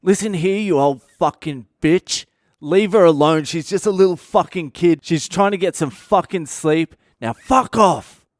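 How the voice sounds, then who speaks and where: A man voicing a fierce no-nonsense woman who loudly swears and orders a ghost away. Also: a little high, a little slow, dry recording, studio quality, voice pushed up, lightly acted. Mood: furious. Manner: loud, swearing, commanding.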